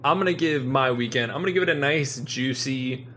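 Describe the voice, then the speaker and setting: A young man co-hosting a casual podcast chat, excitable and swearing freely. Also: mid-range voice, brisk, slight background noise. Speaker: podcast co-host.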